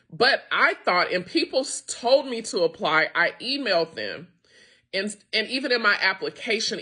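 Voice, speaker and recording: A woman's voice: medium pitch, sharp tone, slightly rough. An American woman who owns a wine tasting room, venting to her viewers in a frustrated, emotional rant about being denied a grant. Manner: upset, frustrated, venting with profanity. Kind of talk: emotional direct-to-camera rant.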